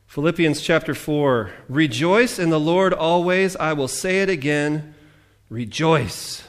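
A man preaching a sermon as pastor, animated, with jokey asides and voices he mimics. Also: fairly high pitch, measured pace.

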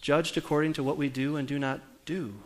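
A man's voice: fairly high pitch, level tone, brisk. A man in his forties, a pastor preaching a conversational sermon and putting questions to the congregation. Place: church.

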